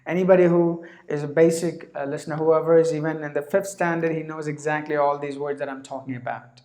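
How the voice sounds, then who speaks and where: A man teaching a spoken lesson. He talks slowly and carefully, sets out single words one at a time, and often clears his throat. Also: fairly high pitch, steady tone, darkish tone. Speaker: English teacher. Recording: echoey room.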